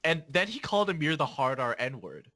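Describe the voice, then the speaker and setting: Young guy rambling through a story, laughing lots, bright voice that swings all over. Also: a little high, moderate pace. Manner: animated, laughs often, rambling restarts. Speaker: podcast host. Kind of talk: casual storytelling chat.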